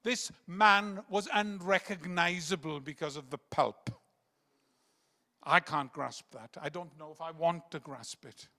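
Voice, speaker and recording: A man preaching a rambling sermon that swings between loud emphatic bursts and hushed quiet passages. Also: on the high side, measured pace. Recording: long reverb of a large hall.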